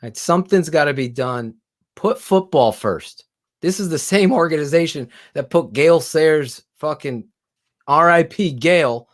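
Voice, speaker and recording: A man co-hosting a casual sports talk stream, excitable and profane, his voice climbing as he gets heated. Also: fairly high pitch, a little slow. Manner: excitable, swearing, voice rising when heated. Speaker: co-host.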